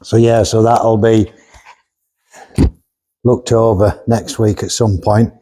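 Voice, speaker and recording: Strolling around cars in his workshop, the owner and vlog host chats casually, blunt and jokey, with frequent laughs. He speaks slowly in a lowish, warm voice with little variation.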